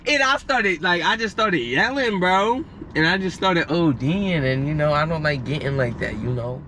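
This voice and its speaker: A man's voice: fairly high pitch, expressive, normal speed, pushed and bright, slight background noise. A young man vlogging from a car, telling loose, slangy, rambling stories in casual chat. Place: parked car outdoors.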